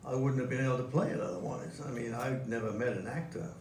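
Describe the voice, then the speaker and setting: A man's voice: medium pitch, quick pace, a little mellow. An older man, a guest at a live stage interview, telling anecdotes with chuckles. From Australia. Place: museum event hall with audience. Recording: echoey hall from far off, noisy.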